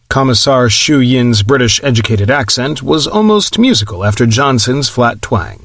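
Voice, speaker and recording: A man's voice: medium pitch, expressive, normal speed, few pauses, a bit bright, no room sound. Man narrating an audiobook, dry sound. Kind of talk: scripted narration.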